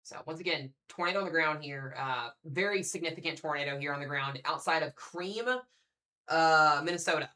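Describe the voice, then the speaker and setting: Hosting live severe weather coverage, a young man speaks a little fast in a fairly high voice that sounds pushed and bright. He chats casually, reading the radar aloud as he works through it and calling out to the audience.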